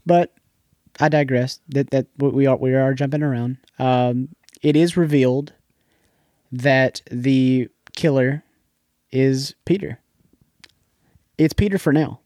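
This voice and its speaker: Podcast co-host, male, mid-pitched, dry close sound, loose rambling recap delivery. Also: fairly even intonation, slow, pauses often, mellow, no room sound. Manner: rambling, repeats words, recaps plot scenes. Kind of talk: casual movie recap chat.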